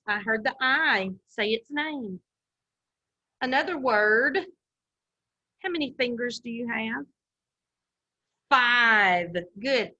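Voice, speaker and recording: A woman's voice: on the high side, bright, forceful tone, dull audio. A woman teacher giving a recorded phonics lesson to young children, talking patiently and stretching out each sound. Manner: slow, patient, drawn-out enunciation of sounds. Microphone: camera.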